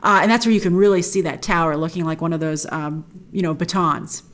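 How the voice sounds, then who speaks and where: A woman's voice: on the low side, fairly even intonation, fairly quick. A woman hosting a TV episode recap, talking with gushing enthusiasm and retelling scenes in a chatty, casual way. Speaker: host.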